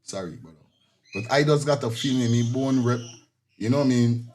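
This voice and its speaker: A man's voice: mid-range voice, fairly quick, darkish tone. A man hosting a casual call-in talk show, easygoing and stumbling over repeated words. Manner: easygoing, stammers and repeats himself.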